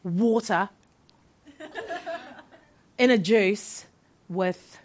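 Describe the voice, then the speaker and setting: Animated middle-aged woman telling her story. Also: drawn-out words, breathy edge. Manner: animated, acts out each voice in her story with big swings in pitch and loudness; laughs often while telling. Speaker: guest sharing a testimony. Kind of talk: personal faith testimony storytelling.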